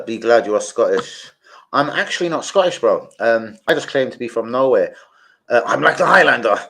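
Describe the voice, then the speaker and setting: A man's voice: medium pitch, poor audio. A middle-aged man hosts a loose, rambling live stream. He talks in casual slang with the odd swear word and keeps breaking off to greet viewers by name. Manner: chatty, gives shout-outs to viewers. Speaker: football fan livestreamer.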